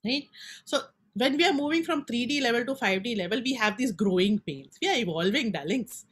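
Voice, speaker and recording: A woman's voice: fairly high pitch, animated, fairly quick, fairly bright tone, husky. A woman with an Indian English accent giving a casual spiritual talk, chatty and acting out people's inner voices. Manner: chatty, code-switching, acts out inner voices. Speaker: spiritual teacher.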